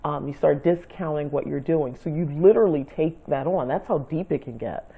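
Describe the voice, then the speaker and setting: A woman's voice: low-pitched, moderate pace, slightly rough. A woman giving casual spiritual advice to camera, rambling and searching for words as she talks. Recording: tinny phone-like sound.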